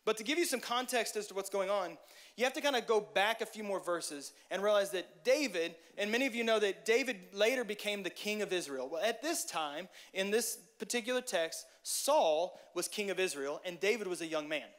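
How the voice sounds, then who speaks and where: A man giving a relaxed, conversational sermon with a notably high voice. He jokes and addresses the listeners directly, with lively energy. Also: brisk. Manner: lively, joking, talks straight to the audience. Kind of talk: casual sermon.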